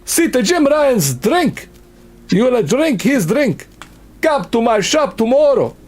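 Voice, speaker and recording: A man voicing a loud, teasing Italian-American shopkeeper who shouts in exaggerated Italian-flavoured English. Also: extremely high pitch, big pitch swings, extremely slow, pitched above the performer's own voice, heavily acted. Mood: boisterous.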